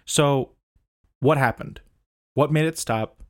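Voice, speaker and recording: A man's voice: mid-range voice, takes it slowly. A man co-hosting a podcast, casually telling a story and laughing often. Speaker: podcast co-host. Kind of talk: casual chat.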